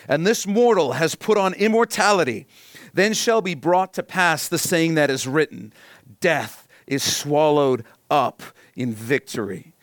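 A male pastor delivers a sermon in a fairly high voice, recorded dry and close with no room sound. He reads scripture softly, then rises into loud, emphatic bursts and repeats key points slowly. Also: no echo. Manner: swings between soft quiet reading and loud emphatic bursts.

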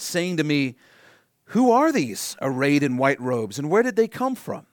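A pastor preaching a sermon, moving between loud, emphatic lines and hushed, pleading ones. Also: male voice, on the high side, big pitch swings, moderate pace, no echo, clean studio sound.

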